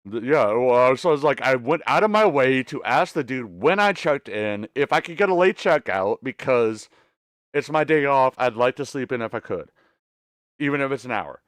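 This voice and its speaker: A man's voice: medium pitch, lively intonation, moderate pace, no room sound, clean studio sound. A man chatting casually as a stream host, rambling and swearing with many stammered restarts. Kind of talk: casual chat.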